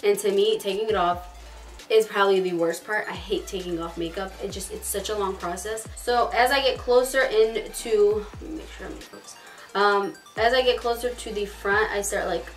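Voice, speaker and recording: A woman chatting quickly and casually through a makeup tutorial, filling her talk with "like". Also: mid-range voice. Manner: fast-talking, chatty, lots of "like". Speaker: beauty vlogger. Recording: distant mic, faint background music.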